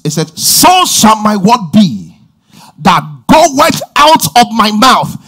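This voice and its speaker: A man preaching a sermon, his voice high and slightly husky. His pitch swings widely as he shouts, drawls key words and repeats his lines with emphasis. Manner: repeats phrases and calls out praise. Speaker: pastor.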